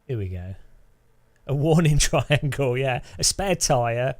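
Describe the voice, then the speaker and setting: A man's voice: medium pitch, expressive, slow pace. A man talks to his live-stream chat while playing a game. He rambles, restarts sentences often, and laughs a lot. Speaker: gaming streamer.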